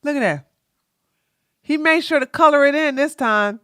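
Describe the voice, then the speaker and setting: Sassy, bright-voiced woman streamer. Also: high voice, normal speed, dry recording, clean studio sound. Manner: animated, exclaiming, sassy asides. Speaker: livestream host. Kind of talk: casual reaction commentary.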